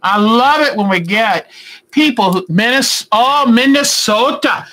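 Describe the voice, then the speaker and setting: A middle-aged woman hosts a quilting live stream from home, chatting warmly with viewers and answering their comments in a rambling, affectionate way. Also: mid-range voice, animated, a little slow, rough recording. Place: indoors at home at a computer.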